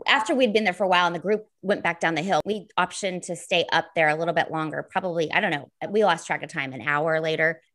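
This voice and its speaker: A woman's voice: fairly low pitch, fast, hardly any pauses, fairly bright tone. A woman telling a long, earnest story of a pilgrimage in casual chat, rambling with many fillers.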